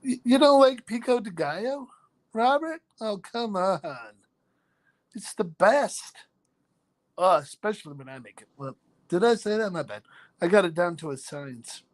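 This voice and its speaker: Slow-talking man chatting on a live stream. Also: high-pitched, lively intonation. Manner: chatty, reads out viewer names, jokes about himself; laughs often between lines. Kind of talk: casual live chat with viewers.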